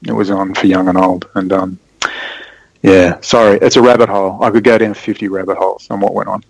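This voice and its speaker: A man, a podcast guest, telling rambling, excitable stories in casual conversation. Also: low voice, brisk, creaky, breathy edge, no echo, low-quality recording. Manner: rambling, excitable storytelling with sudden animated spikes.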